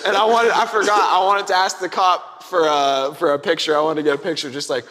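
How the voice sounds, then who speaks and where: A man's voice: a little high, brisk, in a large hall. A young man co-hosting a podcast, telling stories casually with lots of slang and acting out what people said. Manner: animated, slangy, acts out quotes. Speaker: podcast co-host. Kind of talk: casual storytelling chat.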